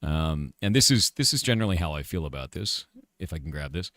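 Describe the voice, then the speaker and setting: A man's voice: rumbling low, animated, fairly quick, bright, forceful tone, no room sound. A middle-aged man streaming live, ranting casually in an angry, profane and emphatic way. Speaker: streamer and game developer.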